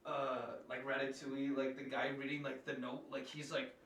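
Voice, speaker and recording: A man's voice: medium pitch, moderate pace, recorded from a distance, crowd noise. A young man co-hosting a casual podcast chat, telling stories and acting out what people said. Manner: animated storyteller acting out quotes. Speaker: podcast co-host. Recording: echoey room, away from the mic.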